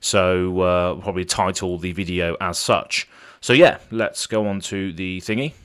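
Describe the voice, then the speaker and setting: A man's voice: deep voice, normal speed, fairly bright tone, clean tone. A man hosting a casual live stream, rambling along with frequent ums and restarts as he sets up a card game.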